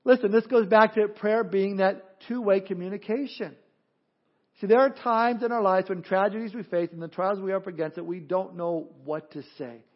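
Male pastor, high-pitched, emphatic sermon delivery, muffled lo-fi audio. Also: steady tone, normal speed. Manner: earnest, emphatic, repeats words in restarts.

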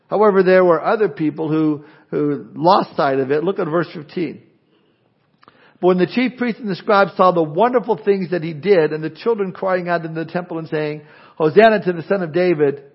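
An older man delivers a sermon with a high voice. His preaching is animated and conversational, full of restarts. The recording is dull and lo-fi. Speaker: pastor.

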